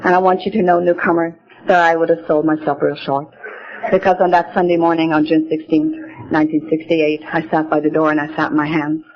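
A woman's voice: low voice, level tone, fairly quick. An older woman speaking at a recovery meeting, telling her own story in a plain-spoken, earnest way from the podium. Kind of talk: personal testimony talk. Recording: dull lo-fi recording.

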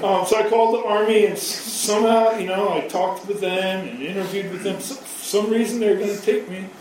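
Man in his thirties, high voice, rambling and self-mocking, swears freely, heard from far off, booming echo. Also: fairly even intonation, a little fast, darkish tone, slight background noise. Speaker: speaker sharing his recovery story. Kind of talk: personal storytelling. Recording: very echoey hall, from far off.

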